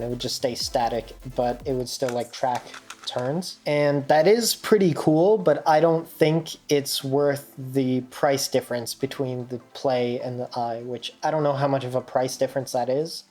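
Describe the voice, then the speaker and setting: Woman, very low voice, excitable, swears and laughs, casual vlog commentary, faint music behind. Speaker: speedcubing channel host. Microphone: GoPro camera.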